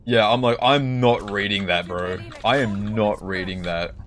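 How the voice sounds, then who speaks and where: A man's voice: lowish voice, a little slow, a bit bright. A young man chatting casually to his viewers while playing a game, rambling and joking and repeating himself. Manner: rambling, jokey, repeats himself, talks to chat. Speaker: streamer. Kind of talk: casual gameplay commentary.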